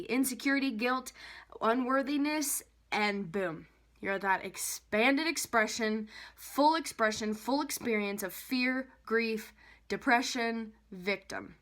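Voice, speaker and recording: A young adult woman, a life coach, explaining an idea casually in a rambling way, with many fillers and restarts. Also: a bit bright. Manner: acts out an anxious inner voice, rising in pitch.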